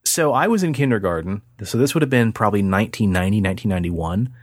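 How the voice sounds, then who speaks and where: Animated crude storytelling man. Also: fairly low pitch, fast talker, no echo, studio quality. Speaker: podcast host. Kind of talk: casual storytelling chat.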